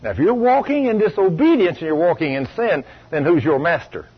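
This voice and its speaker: A man's voice: a little high, lively intonation, a little fast, husky. A man preaching a sermon, telling stories emphatically and asking the congregation rhetorical questions. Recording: dull lo-fi recording.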